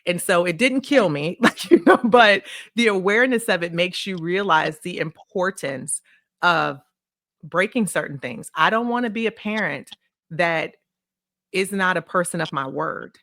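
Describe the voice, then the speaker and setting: A woman guest on a podcast, telling personal stories in a casual, animated way and acting out remembered dialogue. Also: lowish voice, a little slow, dry recording, clean studio sound. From Illinois, USA. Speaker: podcast guest, consulting firm CEO. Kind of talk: casual interview storytelling.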